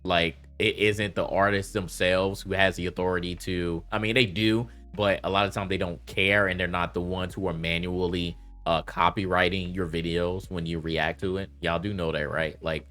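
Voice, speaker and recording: A man's voice: deep voice, little pitch movement, moderate pace, few pauses, a bit bright. A man giving a casual, slangy commentary rant, laughing often and talking loosely with lots of fillers. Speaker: commentary vlogger.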